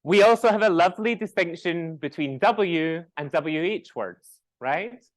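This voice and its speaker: A man with a West Coast Scottish accent lectures a class, his voice sitting a little higher than most men's. He checks in with his listeners through quick tag questions and says example words aloud to show how they sound. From west coast of Scotland.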